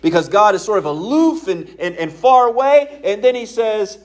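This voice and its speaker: A male pastor delivering a sermon in a fairly high voice. He talks in a conversational way but leans hard on key points and keeps asking his listeners questions. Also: expressive, moderate pace, few pauses. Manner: conversational, emphatic preaching with rhetorical questions.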